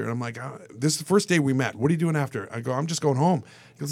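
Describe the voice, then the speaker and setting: A man being interviewed on a radio show, speaking at an ordinary middle pitch. He tells his stories loosely and with energy, jumping into the voices of the people he quotes. At times he grows quiet and emotional. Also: fast talker, dry recording. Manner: animated, acts out quoted voices, turns emotional. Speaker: actor guest. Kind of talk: casual storytelling in a radio interview.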